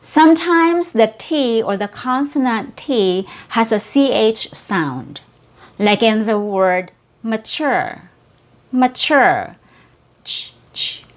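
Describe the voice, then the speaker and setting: A woman whose first language is Cebuano, teaching an English pronunciation lesson and slowly repeating sounds and words for the learner. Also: on the high side. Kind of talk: slow, clear pronunciation lesson.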